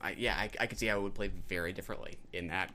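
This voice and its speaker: A man's voice: sits low, fairly even intonation, rapid-fire, sharp tone. A man co-hosting a podcast, talking casually about films in a hesitant way, with many ums and restarts. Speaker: podcast co-host. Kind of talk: casual film discussion.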